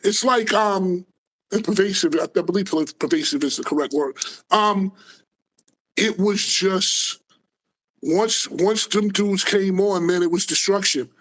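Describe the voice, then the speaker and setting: Man, guest, high-pitched, animated, profane street storytelling, casual interview. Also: a little slow.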